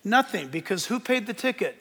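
An older man preaching a sermon as pastor, animated and emphatic, joking as he goes. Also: sits high, a little fast, big-room sound.

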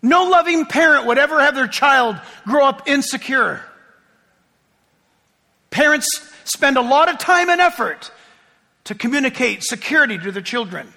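A man's voice: very high-pitched, expressive, moderate pace, gravelly, bright, forceful tone, long reverb tail. A middle-aged man preaching a sermon as pastor, telling chatty stories with self-deprecating humor.

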